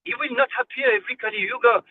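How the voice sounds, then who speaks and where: A man's voice: very high voice, very fast, a little hiss or hum. A man giving a devotional class, fervent and exhorting, repeating phrases for emphasis. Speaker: spiritual class speaker. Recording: tinny phone-like line, dry.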